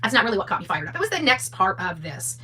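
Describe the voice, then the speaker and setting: A woman's voice: medium pitch, sing-song, fast talker, husky, low-quality recording. A woman hosting a casual livestream, reading posts aloud and answering them with heated sarcasm. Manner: heated, sarcastic, rising to near-shouting. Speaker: livestream host.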